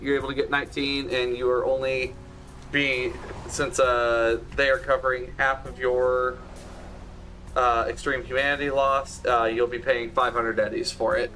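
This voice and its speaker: A man narrating as game master for a tabletop role-playing session, halting often with fillers. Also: mid-range voice, level tone, bright, forceful tone, soft background music. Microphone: streaming setup with audio box.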